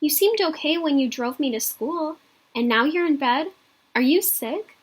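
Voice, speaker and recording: A woman's voice: high voice, expressive, moderate pace, pitched above the performer's own voice. A woman reading aloud as an earnest young schoolgirl who insists on being treated like a grown-up. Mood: worried.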